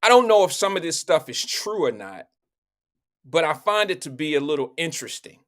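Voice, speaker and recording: A man's voice: a little high, sing-song, fairly quick, a bit bright. A man hosting a live online show, chatting loosely and repeating himself as he talks straight to viewers on his own microphone. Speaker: livestream show host. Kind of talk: casual live-stream chat.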